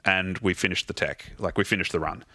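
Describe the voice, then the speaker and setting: A man, a theatre musical director, telling animated anecdotes as a guest in a casual interview and swearing freely. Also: sits low, fairly quick, no room sound, clean studio sound.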